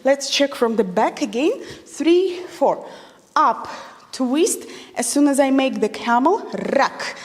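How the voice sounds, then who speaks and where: A woman's voice: high voice, animated. A woman teaching a belly dance technique, a non-native English speaker counting beats and calling moves. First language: not English. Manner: counts beats aloud, slow deliberate cueing. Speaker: dance instructor. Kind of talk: instructional dance class. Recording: long reverb in a large room.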